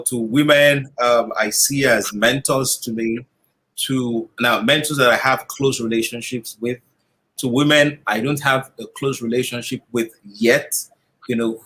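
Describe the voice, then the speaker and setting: A man speaks as a guest in a conversational interview. He answers in a measured, reflective way and builds his points as lists. His voice sits at an ordinary middle pitch. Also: fairly bright tone, rough recording. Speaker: interview guest, life coach.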